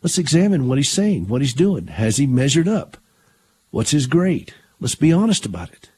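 A man's voice: mid-range voice, big pitch swings, moderate pace, a little mellow, breathy edge, no room sound. An older man hosting a Christian talk radio show in an earnest, conversational way, often restarting his sentences.

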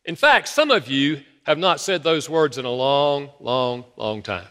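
A man preaching a sermon to his congregation, telling stories from his own marriage in a lively storytelling manner. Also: a little high, unhurried, hardly any pauses. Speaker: pastor. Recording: long reverb of a large hall.

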